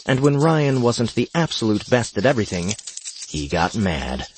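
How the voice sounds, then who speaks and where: A man reading a fantasy gaming story aloud in a steady narrating voice. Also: lowish voice, moderate pace, a little hiss or hum.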